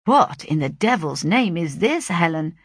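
A woman reading a storybook, voicing a defiant, insolent young gentleman husband with a gruff, scornful manner. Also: on the low side, lively intonation, unhurried, no room sound, clean studio sound, heavily acted.

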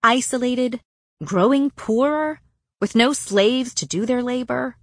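A woman's voice: fairly high pitch, takes it slowly, no room sound, voice pushed up. A woman reading an audiobook, voicing a careful, earnest young female fae noble in a raised voice. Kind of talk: audiobook character voice.

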